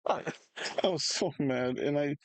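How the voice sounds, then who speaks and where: A man, co-hosting a casual chat, telling an animated, rambling story with restarts and laughs. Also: on the high side, no room sound, low-quality recording. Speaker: podcast co-host.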